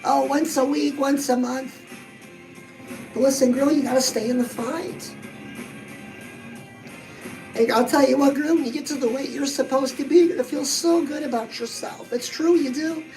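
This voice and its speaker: A woman's voice: high-pitched, steady tone, normal speed, pauses often, a little mellow, soft background music, low-quality recording. A woman coaching on fitness and weight loss in a bubbly, chatty, motivational way, talking straight to her listeners. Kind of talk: upbeat motivational vlog.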